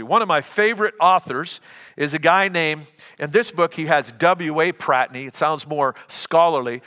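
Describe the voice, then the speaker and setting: A man's voice: a little high, pushed and bright, big-room sound. A middle-aged man preaching a sermon as a pastor, talking in a conversational, anecdotal way and often restarting his sentences.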